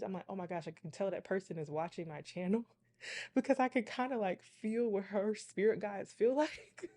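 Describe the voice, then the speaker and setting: A woman's voice: mid-range voice, dark tone. Chatty woman telling a dramatic storytime. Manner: chatty, dramatic, talks to the viewers as y'all. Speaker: tarot reader and channel host. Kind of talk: casual storytime.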